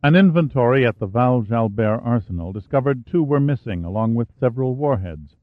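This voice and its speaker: A man reading a thriller novel aloud as narrator, steady and even. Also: mid-range voice, brisk, dry recording. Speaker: audiobook narrator. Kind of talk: scripted narration. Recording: phone-like narrow band, dry.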